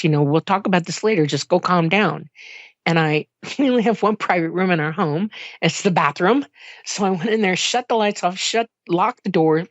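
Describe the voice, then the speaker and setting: A woman guest from Miami telling a personal story in an interview, conversational and animated, leaping up in pitch when she acts out what she said. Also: no echo. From Miami, Florida. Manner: animated, emotional retelling with sudden jumps in pitch when quoting herself; casual, conversational, with frequent fillers and laughs. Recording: dull, dry lo-fi sound.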